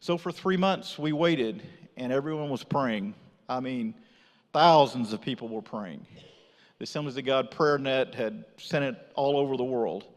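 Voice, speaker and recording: This Texan man speaks at a normal speed with a medium-pitched voice while giving a missionary testimony in a church sanctuary. Energetic and animated, he brings the story to life by acting out people's lines, and the hall around him reverberates.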